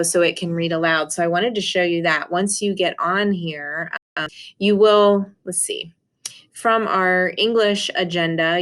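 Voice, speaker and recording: A woman teacher speaks in a slightly low, everyday voice as she talks her class through a lesson. She is casual and unscripted, with frequent fillers and restarts. The pace of her talk shifts often. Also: fairly bright tone. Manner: casual, many ums and restarts. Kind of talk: recorded class lesson and screen walkthrough.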